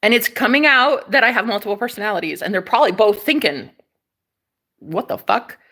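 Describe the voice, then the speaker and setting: A woman's voice: a little high, fast talker. A young woman telling a personal story in a casual, chatty way, swearing freely and acting out what others said. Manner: animated, chatty, swears freely, acts out quoted voices.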